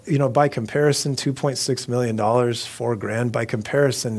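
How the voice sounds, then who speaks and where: Casual, animated male preacher. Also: medium pitch, fairly quick, hardly any pauses. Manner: casual, animated, acts out scripture voices. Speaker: pastor. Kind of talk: conversational sermon.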